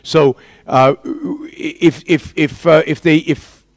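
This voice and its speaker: A man's voice: fairly high pitch, steady tone, takes it slowly, no room sound. A man giving a public lecture and answering questions, arguing emphatically with rhetorical questions. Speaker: guest lecturer.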